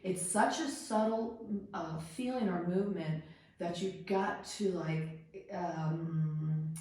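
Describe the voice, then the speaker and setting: A woman's voice: fairly low pitch, takes it slowly. Middle-aged woman teaching in an echoey room. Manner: instructive, animated, demonstrates while talking. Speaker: host and Ouija instructor. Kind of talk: hands-on teaching during a paranormal investigation. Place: indoors in a room of an old house.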